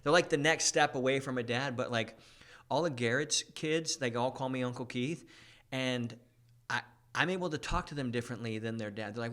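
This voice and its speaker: Male podcast host, mid-range voice, eager and fast-talking. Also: medium pitch. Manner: excitable, fast bursts, says dude a lot. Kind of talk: casual chat.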